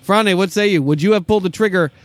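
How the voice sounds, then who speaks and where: A man hosting a sports talk show, who reads out news reports briskly and then turns to banter with his co-hosts. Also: high voice, dry recording. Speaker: podcast host.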